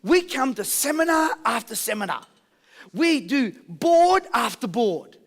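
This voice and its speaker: A man's voice: very high-pitched, measured pace. A man giving a live motivational seminar, drawing call and response from his audience and telling jokey stories. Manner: energetic call-and-response with the crowd; jokey storytelling. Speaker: motivational speaker.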